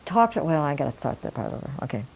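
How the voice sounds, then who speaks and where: Older lady missionary telling her story to friends, earnest, warm mellow voice. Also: low-pitched, sing-song, fast talker, gravelly, a little hiss or hum, low-quality recording. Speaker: missionary Bible translator. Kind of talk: storytelling testimony.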